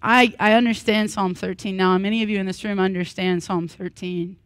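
A woman in her thirties preaching a sermon at a church worship service. She speaks earnestly and breaks into lively, humorous asides. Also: medium pitch, fairly quick, dry recording. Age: 30s. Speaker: pastor.

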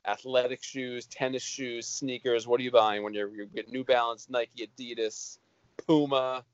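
Casting: male podcast host, mid-pitched, jokey and teasing, dry close sound, a bit muffled. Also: fairly even intonation, smooth, no room sound. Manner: jokey, teasing, quick banter. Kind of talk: casual chat among friends. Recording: dull lo-fi sound.

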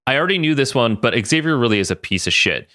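A man's voice: mid-range voice, very animated, fast talker, bright, forceful tone, dry recording, clean studio sound. A young man co-hosting a podcast, chatting casually and laughing often as he reads listener mail. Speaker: podcast co-host. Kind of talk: casual chat.

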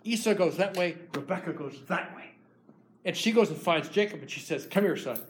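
A preacher retelling a biblical story in his sermon, lively and animated. His voice sits a little high and carries the drama of the scene. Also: moderate pace, slight background noise.

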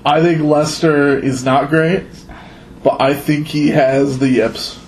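A man with a fairly high voice who talks very slowly, stretching out his points in a casual sports chat. Faint room ambience runs underneath. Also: steady tone, slight background noise, rough recording. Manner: slow, drawn-out, hesitant with ums. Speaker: podcast co-host.

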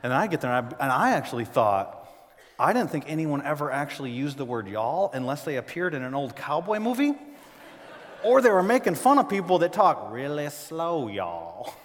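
A man from the northern United States preaching a sermon to a live congregation in a church, animated, with big swings in pitch and loudness and joking asides. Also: a little fast. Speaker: pastor. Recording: long hall reverb.

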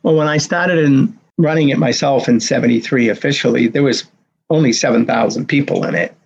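A man in his sixties, a race director telling a story in an interview, acting out the dialogue with lively energy. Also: mid-range voice, a little fast, creaky, slightly rough, lo-fi sound. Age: 60s. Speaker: marathon race director, guest. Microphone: video call.

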